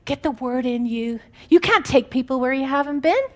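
A woman preaching an informal, conversational sermon, animated and often laughing. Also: high voice, moderate pace.

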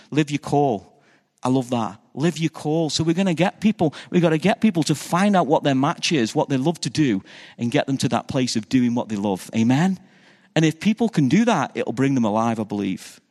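A man, a pastor, preaching a conversational sermon that keeps asking the congregation questions. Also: medium pitch. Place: church hall. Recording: reverberant church hall.

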